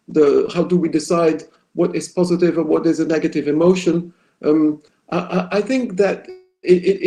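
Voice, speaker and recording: A man answers questions after a lecture over a video call. His voice sits high but sounds gravelly and mellow. He pauses and repeats words as he thinks aloud. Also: poor audio. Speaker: guest lecturer. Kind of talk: academic Q&A answer.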